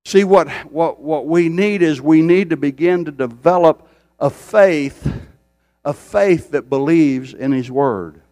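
A man's voice: fairly high pitch, slow pace, dark tone, dry recording, studio quality. An older man preaching a sermon, repeating phrases for emphasis and building intensity as he speaks. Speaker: pastor.

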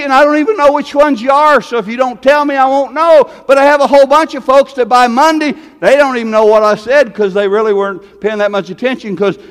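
Pastor, male, high voice, sermon delivery, repetitive and swinging between loud and hushed, long hall reverb. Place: church sanctuary.

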